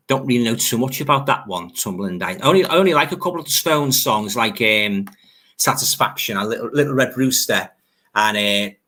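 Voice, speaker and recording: An older man chats loosely on his live stream. He talks at a mid pitch in an easygoing, nostalgic way and laughs often as he reads out comments. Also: pushed and bright. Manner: chatty, nostalgic, laughs easily. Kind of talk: casual chat reading viewer comments.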